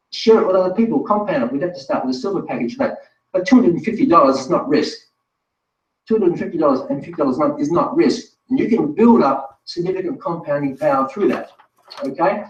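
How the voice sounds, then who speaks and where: A man presenting a live online webinar, talking straight to viewers in a chatty, self-correcting way. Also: fairly high pitch. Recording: distant roomy lo-fi sound.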